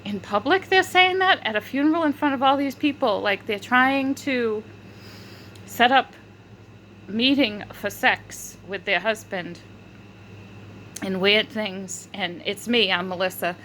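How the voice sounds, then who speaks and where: A woman's voice: medium pitch, bright, forceful tone, a little hiss or hum, rough recording. A woman vlogger telling a rambling story, full of fillers, restarts and frequent giggling. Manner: filler-heavy, restarts often. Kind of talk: casual rambling monologue.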